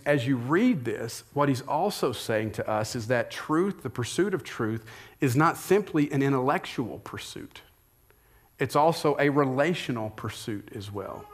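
A middle-aged male pastor preaching a sermon in a conversational way, often asking rhetorical questions. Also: mid-range voice.

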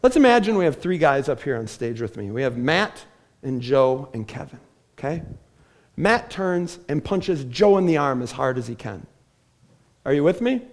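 A man's voice: medium pitch, very animated, moderate pace. A man preaching a sermon from a church stage, telling the story with animation and acting out the voices of the people in it. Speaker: pastor.

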